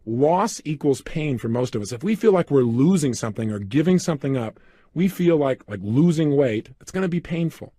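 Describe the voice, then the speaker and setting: A man's voice: medium pitch, expressive, fairly quick, warm tone, breathy edge, dry recording, studio quality. A man coaching listeners through a self-help program, giving emphatic step-by-step instructions. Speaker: motivational coach. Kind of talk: recorded self-help seminar.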